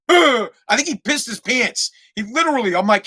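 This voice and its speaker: A man, hosting a podcast and telling a profane, animated story with many restarts. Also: very high-pitched, normal speed, breathy edge. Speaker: podcast host. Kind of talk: casual storytelling monologue.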